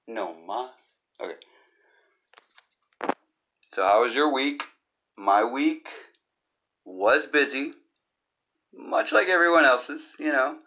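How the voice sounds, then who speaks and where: A man's voice: mid-range voice, lively intonation, slow, pauses often, sharp tone, muffled recording. A man hosting his own comedy podcast, talking in a rambling, awkward, jokey monologue. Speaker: podcast host. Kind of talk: casual comic monologue.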